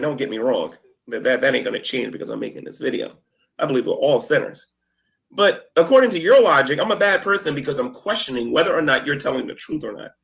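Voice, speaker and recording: Man, gravelly, halting, repeats words, confrontational, addressing a rival. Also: medium pitch, fairly bright tone. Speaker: video maker addressing a rival. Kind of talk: confrontational monologue.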